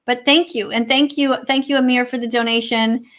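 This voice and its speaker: A woman's voice: a little high, fairly even intonation, fairly quick, a bit bright. A Canadian woman co-hosting a livestream over a video call, reading out chat comments and answering them sarcastically, with some swearing. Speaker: livestream co-host.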